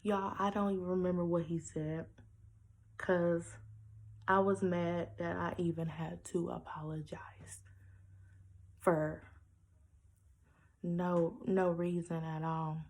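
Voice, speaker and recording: A woman's voice: fairly low pitch, flat delivery, slow pace, pauses often, a little mellow, poor audio. A young woman vlogger telling a personal story to her viewers in a blunt, sassy way.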